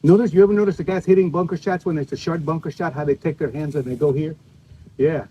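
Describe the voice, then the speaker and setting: Older male golf instructor, folksy storyteller, husky and slightly high voice, outdoor clinic. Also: warm tone, low-quality recording. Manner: folksy, storytelling, demonstrating as he talks. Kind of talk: live golf clinic demonstration. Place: outdoor golf practice area.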